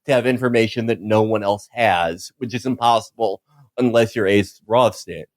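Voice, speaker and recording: A man's voice: lowish voice, dry recording. Podcast guy, laughs a lot, stumbles into sentences, dry mic. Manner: laughs often, halting starts. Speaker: podcast co-host. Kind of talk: casual podcast chat.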